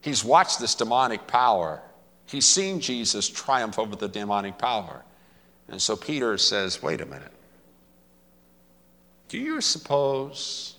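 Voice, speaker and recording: A man's voice: fairly low pitch, sharp tone. A man preaching a sermon, retelling a story in a dramatic, emphatic way. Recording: long hall reverb.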